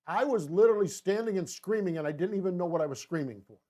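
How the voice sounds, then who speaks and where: A middle-aged man hosting a racing talk show, telling a rambling, enthusiastic story with many restarts and lively quoted voices. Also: high voice, quick pace. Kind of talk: casual storytelling monologue.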